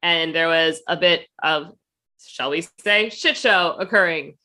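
Bright-voiced joking woman co-host. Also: on the low side, a little slow. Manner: playful, joking, laughing. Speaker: podcast co-host. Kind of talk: casual chat.

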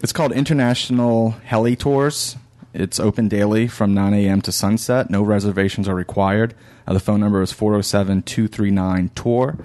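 A man's voice: fairly low pitch, steady tone, moderate pace, darkish tone. A man co-hosting a casual podcast, reading out a listener's email and then plainly listing tour details and prices. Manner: reads listener mail and lists details plainly.

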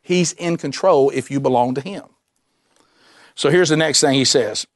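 A man preaching a sermon, animated and emphatic, repeating himself and dropping suddenly to a quiet voice. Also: mid-range voice, moderate pace. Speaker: pastor.

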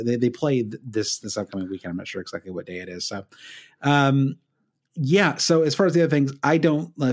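Chatty American man, mid-pitched. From United States. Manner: chatty, self-deprecating, lots of fillers. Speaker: podcast co-host. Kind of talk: casual sports betting podcast chat.

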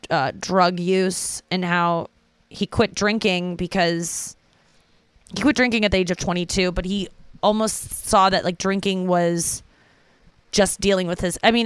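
A woman's voice: fairly low pitch, clean tone, no room sound. A young adult woman, a stand-up comedian, hosting a casual solo podcast in a rambling, profane, self-interrupting way.

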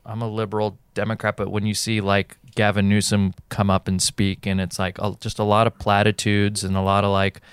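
Smooth-voiced man, rambling casual chat. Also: on the low side, completely flat delivery, no echo, studio quality. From Southern California. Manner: rambling, halting restarts.

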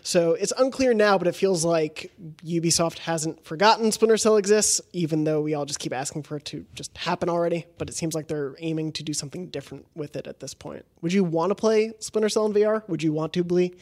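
A man's voice: fairly high pitch, fairly quick, hardly any pauses, a little mellow. A man hosting a game podcast, running through news in casual chat and steadily moving the topics along. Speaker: podcast host.

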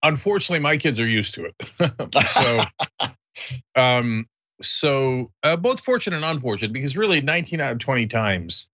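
A man's voice: mid-range voice, lively intonation, a little fast, pushed and bright, highs cut off. A man hosting a casual podcast chat over a remote call, chatty and laughing often as he acts out the people in his stories. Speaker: host.

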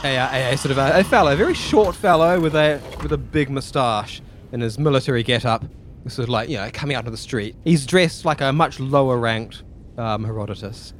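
A man's voice: medium pitch, fairly quick, a little hiss or hum. Rambling man running a tabletop game. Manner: hesitant and rambling, with many fillers. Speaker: game master.

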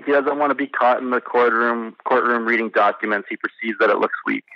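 A man's voice: mid-range voice, a little fast, dry recording. A man calling in to a trivia quiz, thinking aloud and hesitating with fillers as he answers. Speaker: caller playing a trivia quiz. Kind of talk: casual quiz answers over the phone. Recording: dull lo-fi phone line.

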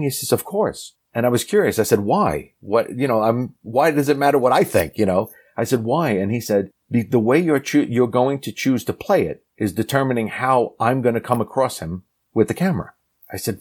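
A man telling a lively anecdote from his acting career as a guest, acting out the people he quotes. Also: fairly low pitch, slightly rough. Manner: animated storyteller acting out quoted lines. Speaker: actor telling a story as guest. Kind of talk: casual anecdote.

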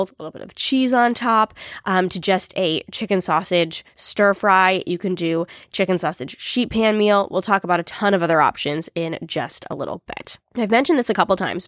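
A woman's voice: lowish voice, a bit bright, no echo. Chatty woman with a dry, close sound. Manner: chatty, upbeat, with small laughs and fillers. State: morning voice. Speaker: podcast host. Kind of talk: casual solo podcast talk.

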